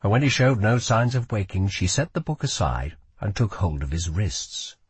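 A man narrating an audiobook in expressive storytelling style. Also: fairly low pitch, moderate pace, husky, dry recording.

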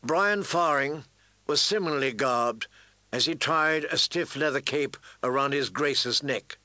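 Brief: male audiobook narrator, slow and deliberate, bright tone, dry close sound. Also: mid-range voice, dry recording, rough recording. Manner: measured, deliberate. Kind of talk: scripted narration.

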